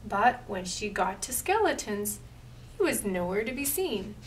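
A woman reading a picture book aloud at a library storytime, slow and expressive. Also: medium pitch, recorded from a distance, a little hiss or hum, rough recording.

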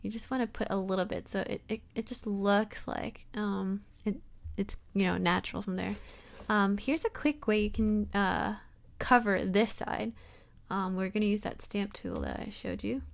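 A young woman talking casually through a software tutorial, rambling and self-deprecating, with lots of fillers. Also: mid-range voice, lively intonation, moderate pace, gravelly, few pauses. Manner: rambling and chatty, full of fillers. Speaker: tutorial host.

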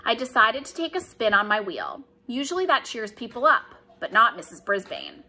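A woman reading a children's story with a clear, bright voice and a very lively pitch. She narrates expressively, leaning into each line. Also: moderate pace, slight background noise. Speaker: audiobook reader.

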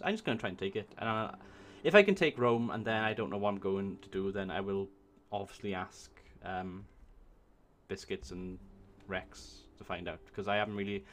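A man gives excitable gameplay commentary, swearing often and talking to himself as he plays. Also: lowish voice, fairly quick, a little hiss or hum. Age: 20s. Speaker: let's play host.

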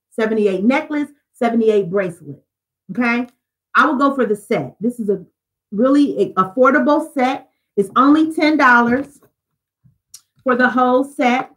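Lady hawking jewelry on a livestream, chatty and upbeat, kinda high voice. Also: poor audio. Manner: chatty, upbeat, addresses viewers directly as "y'all". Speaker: jewelry seller on a live stream. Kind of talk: live-stream sales pitch.

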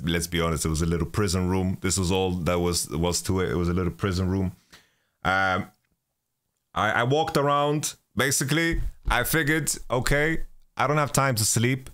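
A man with a fairly low-pitched, slightly bright voice runs his own podcast. He relates a travel story loosely and at length, swearing freely, often starting sentences over, and saying "you know" a lot.

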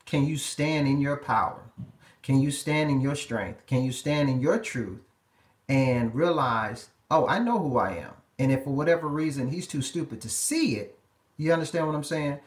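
Emphatic man coaching in an echoey room. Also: mid-range voice. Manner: emphatic, repetitive, talks straight to the viewers. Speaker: relationship life coach. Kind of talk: live-streamed advice talk.

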